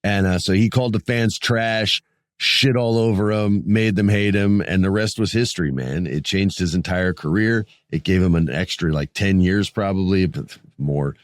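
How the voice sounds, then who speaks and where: A man in his late forties with a deep voice hosts a solo podcast, rambling and joking with casual swearing. The recording is close and dry, with no room sound. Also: normal speed, no room sound. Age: 40s. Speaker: podcast host.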